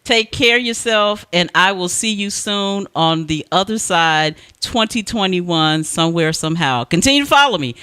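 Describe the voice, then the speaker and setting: A man's voice: high voice, expressive, normal speed, hardly any pauses, pushed and bright, smooth, no echo, studio quality. A man hosting a talk radio show, speaking in an earnest, heartfelt way with frequent restarts.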